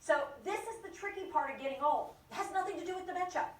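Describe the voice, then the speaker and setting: A woman leading a lively dementia care training for a live audience, acting out inner voices and joking with the crowd. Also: very high voice, fast talker, distant mic. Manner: animated, acts out inner voices and jokes with the audience. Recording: echoey room, voice from off the mic.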